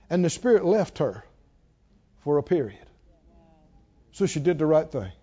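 A man preaching a sermon, swinging between hushed warnings and hollered lines and acting out a tempter's whisper. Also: high-pitched, sing-song, a little slow, pauses often, muffled recording.

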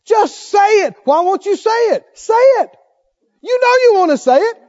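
A man's voice: very high-pitched, big pitch swings, normal speed, pitched above the performer's own voice. A man voicing the devil as a pushy, nagging tempter, coaxing and insistent. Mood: taunting. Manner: coaxing, insistent, rising to a shout. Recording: dull lo-fi sermon recording.

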